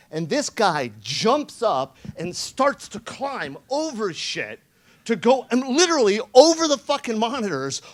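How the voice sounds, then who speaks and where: A man's voice: high-pitched, fairly bright tone. A man giving a conference talk, telling a story in a sarcastic, profane way and acting out the quoted lines. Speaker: conference speaker. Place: conference room.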